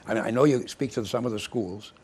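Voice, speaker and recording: Older male host, low and gravelly, chatty, meandering storyteller. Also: quick pace, a little mellow. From Massachusetts, US. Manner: rambling storyteller, many restarts. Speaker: TV show host. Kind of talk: casual interview chat. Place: local cable TV studio.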